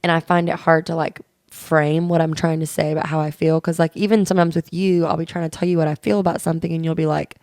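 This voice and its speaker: A woman co-hosts a podcast in easy, candid conversation. Her voice sits a little low with a gravelly fry running through it, and the sound is dry and close. She tells stories earnestly and slips into quoted dialogue as she goes. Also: flat delivery, fast talker, a little mellow, no echo. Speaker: podcast co-host.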